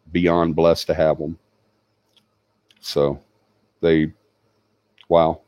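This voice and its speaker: Male channel host, deep voice, emotional halting tribute, dry close sound. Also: dark tone, no echo, muffled recording. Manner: halting, sincere, many fillers. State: tearing up.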